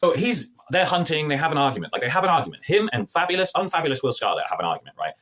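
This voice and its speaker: Fast-talking, animated male TV reviewer. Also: a little high. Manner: sarcastic, animated, acts out scenes in mocking voices. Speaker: TV review vlogger. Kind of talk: casual spoken TV review.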